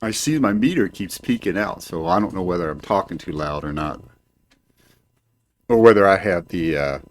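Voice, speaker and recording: Older man, low voice, swearing rant, rambling with lots of uh, home desk mic. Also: lively intonation, normal speed. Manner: profane, rambling, hesitant with many fillers. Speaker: home video show host. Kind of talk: ranting monologue. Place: home, indoors. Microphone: desk microphone.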